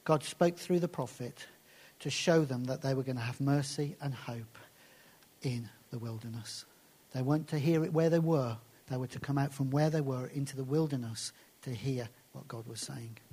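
A man preaching a sermon and reading scripture aloud, slowing down and dropping to soft, hushed phrases for emphasis. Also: medium pitch, breathy edge.

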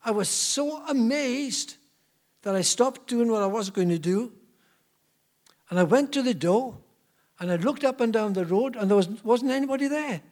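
Brief: amazed woman, high and lively, voiced by a male preacher. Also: normal speed. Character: amazed woman, saved from despair.

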